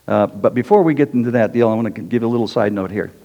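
A man preaching a sermon in a loose, conversational way, often checking in with the congregation with a quick "okay?". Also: medium pitch, dark tone, highs cut off. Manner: conversational, tags lines with "okay?". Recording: hall reverb.

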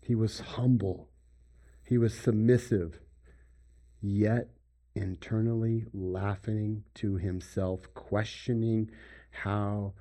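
A man preaching a sermon, swinging between loud emphasis and hushed near-whispers. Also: mid-range voice, animated, unhurried. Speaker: pastor.

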